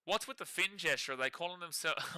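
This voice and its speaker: A man's voice: a little high, bright, forceful tone, no room sound. A young Australian man co-hosting a live sports watch-along stream, sarcastic, laughing often and reading chat messages aloud. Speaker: livestream co-host.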